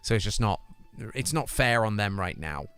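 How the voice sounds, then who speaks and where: A man's voice: lowish voice, animated, moderate pace, a bit bright, clean tone. A young British man chatting casually on his live stream, reading viewer comments aloud and answering them. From United Kingdom.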